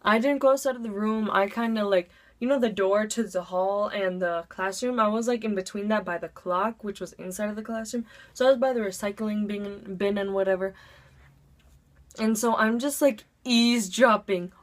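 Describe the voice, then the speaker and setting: A teenage girl chats through a storytime at a casual, even pitch, leaning on "like" between her phrases. She sounds like she is talking straight into a camera from home. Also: moderate pace. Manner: chatty, heavy use of "like". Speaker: vlogger.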